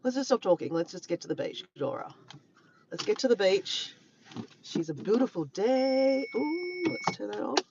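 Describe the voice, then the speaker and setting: A woman, chatting excitedly to viewers on a phone live stream at the beach. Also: medium pitch, normal speed, gravelly, dull audio, slight background noise. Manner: chatty, excitable, repeats herself. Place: outdoors, driving to and walking at a beach. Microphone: phone held in hand.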